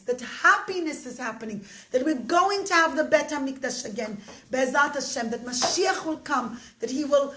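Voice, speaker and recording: A woman telling a story to children with expressive, dramatic pacing. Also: high-pitched. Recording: roomy echo, faint noise.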